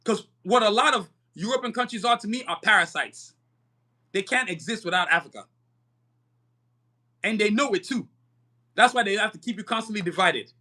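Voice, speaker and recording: Brief: young male podcast host, high bright voice, angry profane rant, restarts a lot. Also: lively intonation, normal speed, long pauses. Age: young adult. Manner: fiery, profane ranting; emphatic, repetitive stumbling restarts. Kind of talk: live-stream podcast monologue.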